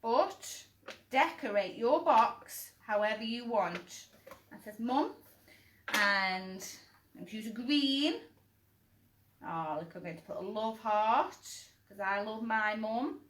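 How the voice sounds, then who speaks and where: A woman leads a live kids' craft and cooking class with a bright, forceful, fairly high voice. She is chatty and encouraging and jokes about her own poor drawing. The sound is echoey, from a reverberant indoor room. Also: expressive, takes it slowly, a little hiss or hum. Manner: chatty, encouraging, self-deprecating, calls out children by name. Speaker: children's cooking class host.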